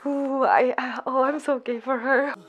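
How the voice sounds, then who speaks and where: High, squealing excited young woman. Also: a little slow, muffled recording, faint music behind. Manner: squealing, gushing fangirl exclamations and giggles. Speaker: anime vlogger. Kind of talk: excited reaction commentary.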